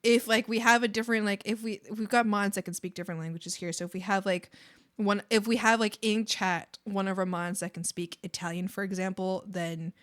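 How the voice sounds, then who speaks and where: A woman's voice: mid-range voice, fairly even intonation, a little fast, fairly bright tone. A young woman streaming, chatting casually with her viewers, giggling, apologizing and rambling with lots of fillers.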